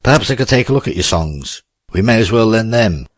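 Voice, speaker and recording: A man's voice: fairly low pitch, expressive, brisk, voice pushed up. A man voicing Charles, a polite and reserved older pianist. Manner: polite, restrained.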